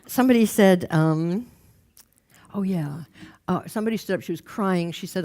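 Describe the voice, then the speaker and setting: A woman giving a talk on stage, telling humorous anecdotes with quick asides. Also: fairly low pitch, darkish tone. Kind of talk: storytelling motivational talk. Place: lecture stage with slides.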